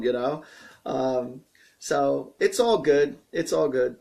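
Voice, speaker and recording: A man hosting a live stream, answering viewer questions in a chatty, rambling, joking way that grows animated as he gets excited. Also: medium pitch, takes it slowly, creaky. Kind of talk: casual live-stream talk.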